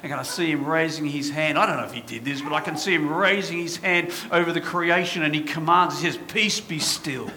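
A man's voice: fairly high pitch, brisk, few pauses, pushed and bright, slight background noise. A man preaching a sermon as pastor, passionate and full of rhetorical questions to his congregation.

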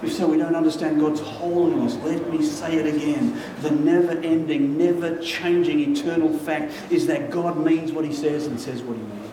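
A man's voice: a little high, fairly even intonation, moderate pace, hardly any pauses, echoey room, far from the mic, noisy background. A male pastor preaching a sermon, stressing and repeating key phrases for weight.

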